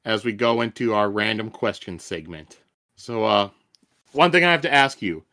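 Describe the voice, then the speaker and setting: A man's voice: on the low side, lively intonation, normal speed, pushed and bright. A man hosting a podcast, teasing his co-hosts in casual chat. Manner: teasing, playful. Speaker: podcast host.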